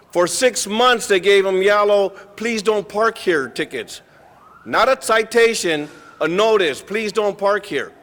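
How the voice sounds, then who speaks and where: A man with a fairly high voice lectures the council in a firm, complaining tone during public comment. He speaks into a podium microphone, and the council chamber adds a long reverberant tail to his words. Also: a bit bright.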